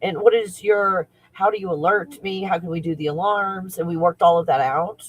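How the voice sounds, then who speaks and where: A man who works as a spiritual coach talks casually on a livestream, excitable and rambling, often breaking into laughter. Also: high voice, moderate pace, poor audio.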